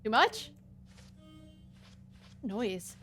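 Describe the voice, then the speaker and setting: Chatty woman game streamer, higher voice. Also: very animated, extremely slow, bright, forceful tone, faint music behind. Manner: chatty, musing aloud with many 'like's; reads game dialogue aloud. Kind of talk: casual let's-play commentary.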